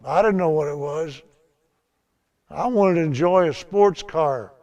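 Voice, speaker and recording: Older man, gravelly voice, folksy Bible lesson, chatty storyteller. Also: a little high, darkish tone. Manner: chatty storytelling, laughs at his own tales. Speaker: Bible teacher.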